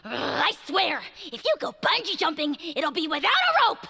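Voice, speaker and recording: A woman's voice: sits high, wildly swooping pitch, moderate pace, vocal fry, bright, forceful tone, exaggerated voice. A woman voicing a small, boastful, foul-tempered male dragon lord in a game, hurling grandiose insults. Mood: furious.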